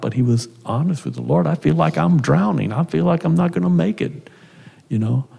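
Gravelly-voiced man minister in a hall. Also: mid-range voice, mellow. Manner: fervent, rambling, with asides and restarts. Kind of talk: seminar talk from a stage. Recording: echoey hall.

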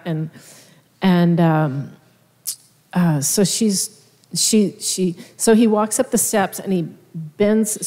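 A woman giving a halting, heartfelt testimony in a church. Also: mid-range voice, dark tone. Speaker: minister's wife. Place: church sanctuary. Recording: church hall reverb.

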